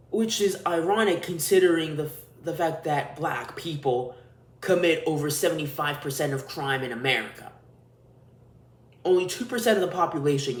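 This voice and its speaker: A man hosting a podcast, delivering a crude, profane, ranting solo monologue. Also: on the high side. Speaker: podcast host. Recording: roomy echo.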